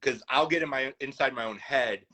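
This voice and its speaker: Upbeat man from Chicago, bright tone. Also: medium pitch, normal speed, poor audio. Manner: eager and upbeat, many "you know" fillers. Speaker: guest, food business owner. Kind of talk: casual chat.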